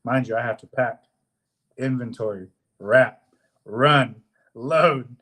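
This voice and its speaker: Profane, animated young male storyteller. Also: medium pitch, slow. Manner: animated, profane, swears often, acts out quotes. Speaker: podcast co-host. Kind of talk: casual storytelling.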